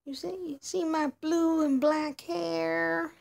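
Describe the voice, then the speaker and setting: Woman voicing a young female party doll, high voice, slow and drawn out, playful and chatty. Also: flat delivery, gravelly, darkish tone, full character voice. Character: showy young adult female doll going clubbing. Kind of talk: doll play narration.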